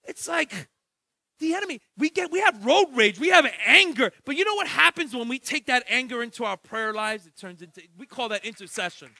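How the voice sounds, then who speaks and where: A man preaching a sermon as pastor, switching between loud shouted exhortation and quiet, joking asides in casual slang. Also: extremely high pitch, expressive, fairly quick, dry recording. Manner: jokey, street-slang storytelling.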